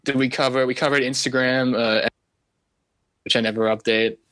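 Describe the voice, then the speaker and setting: Australian male guest, bright tense tone, rambling casual chat. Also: mid-range voice, fairly even intonation, normal speed, low-quality recording. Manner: rambling, many fillers. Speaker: guest animator.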